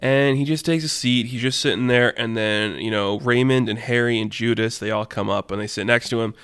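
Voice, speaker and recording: A man's voice: mid-range voice, fairly even intonation, brisk, a bit bright, smooth, no echo, studio quality. Man rambling through a casual story. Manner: rambling, filler-heavy.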